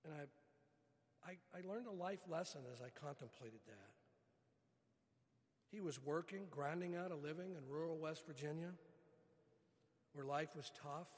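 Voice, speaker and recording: A middle-aged man preaching, telling a folksy personal story in an animated way. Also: on the high side, long reverb tail. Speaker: pastor.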